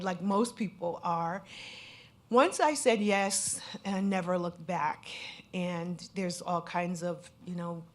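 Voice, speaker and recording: Woman from connecticut telling her story on a panel, earnest, lots of "you know", kinda low voice. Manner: earnest, candid, with many "you know" fillers. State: at times emotional. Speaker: scam victim speaking on a panel. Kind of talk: personal testimony at a panel event.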